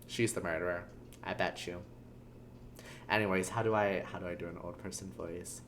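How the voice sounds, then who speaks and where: A woman's voice: rumbling low, fairly even intonation, moderate pace, slight background noise. A woman streamer chatting playfully while playing through a game and laughing at herself. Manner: playful, self-mocking, laughs often. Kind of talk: casual game playthrough chat.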